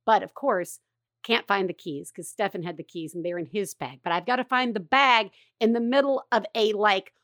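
A woman's voice: medium pitch, moderate pace, fairly bright tone, dry recording, studio quality. A middle-aged woman hosting a podcast, telling a rambling, self-deprecating story in casual chat and swearing freely. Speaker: podcast host.

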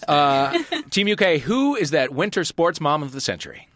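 A man hosting a comedy panel quiz, joking in quick asides and laughing at his own lines. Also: a little high, big pitch swings, fairly bright tone, no room sound. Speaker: quiz host.

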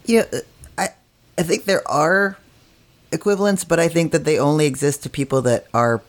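A podcast co-host chatting casually with siblings, self-deprecating and quick to laugh. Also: medium pitch. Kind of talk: casual chat among siblings.

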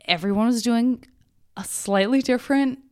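A woman podcast host in casual chat, asking questions with animated curiosity. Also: fairly high pitch, normal speed.

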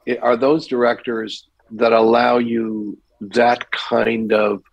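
An older male actor telling stories as a guest on a podcast interview, lively as he recounts anecdotes. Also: medium pitch, slow, dry recording, lo-fi sound. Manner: animated anecdote teller, mimics voices in quotes.

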